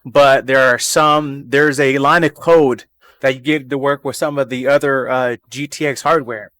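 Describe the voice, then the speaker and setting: A man's voice: mid-range voice, steady tone, moderate pace, fairly bright tone, no room sound. A man chatting casually on a live stream from his home gaming setup into a desk microphone, rambling and repeating phrases over and over.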